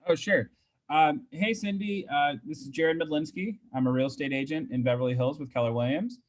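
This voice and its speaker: A man's voice: fairly high pitch, fairly quick. Chatty man coaching on a call. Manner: chatty storyteller, frequent fillers and restarts. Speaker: real estate agent leading a group call. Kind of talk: casual coaching talk on a video call. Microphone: video call.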